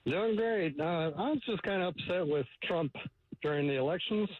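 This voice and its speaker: A man's voice: high-pitched, lively intonation, moderate pace, dry recording. A man calling in to a radio show, asking questions in a plain, earnest way. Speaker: caller. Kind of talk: phone-in call. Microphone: telephone. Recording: tinny phone line.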